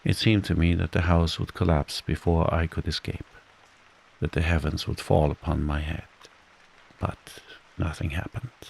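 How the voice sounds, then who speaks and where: A man reading a bedtime story as scripted narration, soothing and unhurried. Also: low-pitched, little pitch movement, gravelly, darkish tone, slight background noise, poor audio.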